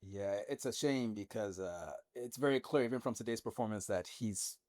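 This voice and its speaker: A man's voice: lowish voice, moderate pace, a little mellow, no echo, clean studio sound. Man casually recapping a football match. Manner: profane, jokey, recaps match moments. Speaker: podcast host.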